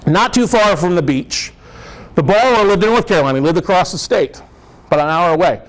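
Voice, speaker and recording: Joking guy telling stories at an investor meetup, kinda high voice, animated. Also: fairly quick, low-quality recording. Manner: animated, joking, laughs often. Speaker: speaker at a real estate investor meetup. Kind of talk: storytelling presentation.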